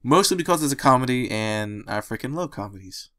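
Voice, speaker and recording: A man's voice: medium pitch, animated, brisk, a bit bright. A man narrating fan fiction aloud, then chatting casually with his listeners. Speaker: audiobook narrator.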